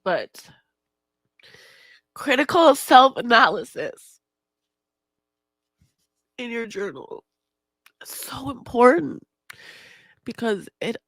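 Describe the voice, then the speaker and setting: Lively, slow-talking candid woman podcaster. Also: fairly high pitch, no room sound. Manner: frank, confessional, swears freely. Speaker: podcast host; mother. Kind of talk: candid casual podcast monologue.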